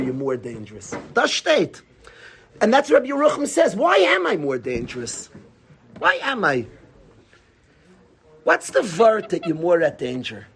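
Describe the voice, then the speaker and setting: A man with a high, husky voice teaches an animated Torah class. He speaks with emphasis, repeats key phrases, and poses rhetorical questions.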